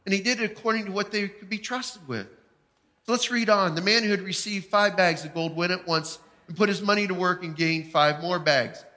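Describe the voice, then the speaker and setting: High, bright-voiced man preaching in a hall. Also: steady tone, fairly quick. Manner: storytelling testimony, emphatic. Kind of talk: sermon. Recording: long hall reverb.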